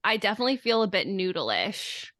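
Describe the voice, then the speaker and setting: A young woman with a bright, crisp voice talks through a casual podcast chat, stuffed up and nasal from a cold. She rambles in a self-deprecating way, recorded close and dry. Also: mid-range voice, very animated, fairly quick, dry recording. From California. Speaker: podcast co-host.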